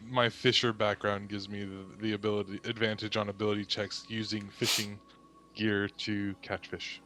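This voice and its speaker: A man's voice: lowish voice, level tone, moderate pace, bright, forceful tone, slight background noise. A man playing in a tabletop game, asking rules questions hesitantly. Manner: hesitant, many fillers. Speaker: player.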